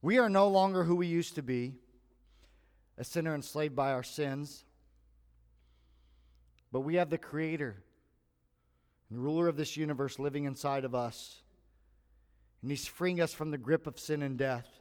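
Male pastor, lively sermon delivery, slightly raised pitch, long reverb of a large hall. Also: moderate pace, long pauses, smooth. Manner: animated preaching, acts out quoted voices.

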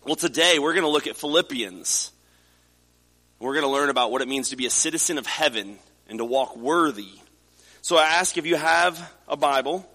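A man's voice: on the high side, sharp tone. A man in his forties from the United States, a pastor preaching a sermon in a conversational storytelling way with frequent restarts. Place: church sanctuary. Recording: reverberant hall.

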